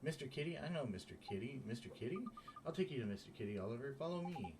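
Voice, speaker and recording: A man voicing a shy, mysterious young ghost girl who speaks softly and eagerly. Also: mid-range voice, expressive, fast talker, noisy background, lightly acted. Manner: soft, eager and chirpy.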